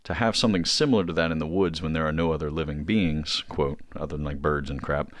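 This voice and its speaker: A man's voice: very deep voice, fairly even intonation, fast, no echo, clean studio sound. A man talking as a podcast guest in casual chat, rambling with many fillers and restarts.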